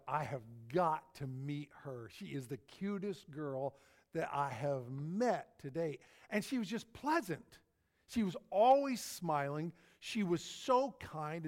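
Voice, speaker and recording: A middle-aged man preaching a sermon, telling a personal story in a folksy, anecdotal way and repeating his phrases. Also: fairly high pitch. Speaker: pastor.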